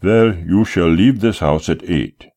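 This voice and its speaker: A man voicing a calm, polite, smiling gentleman who speaks courteously and with mild regret. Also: low-pitched, a little slow. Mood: regretful.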